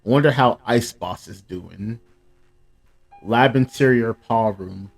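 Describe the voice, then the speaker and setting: Guy reading manga out loud and reacting, slow drawl, faint music behind. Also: creaky. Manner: reads dialogue aloud, bursts into excited high exclamations.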